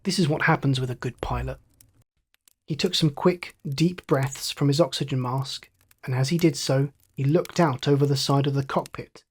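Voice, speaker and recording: Calm male bedtime storyteller. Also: mid-range voice, slightly rough. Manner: slow, measured, soothing.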